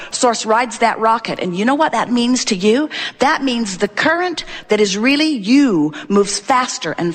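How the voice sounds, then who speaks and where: Emphatic woman speaker in a reverberant hall. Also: a little high. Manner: emphatic, deliberate, repeats for effect. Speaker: inspirational speaker. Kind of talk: inspirational talk to a live audience.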